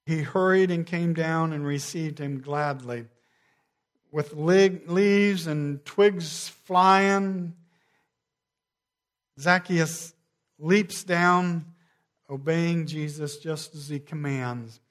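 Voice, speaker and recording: A man preaching a sermon, measured, sinking to a quiet hush on key phrases. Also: on the high side. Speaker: pastor.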